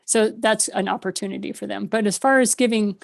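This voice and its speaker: Casting: middle-aged woman, warm storyteller energy, laughs often, mid-range voice, over a video call. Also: medium pitch, a little fast, vocal fry. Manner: animated, laughs often, quotes her own thoughts. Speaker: guest, spiritual author. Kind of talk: conversational storytelling.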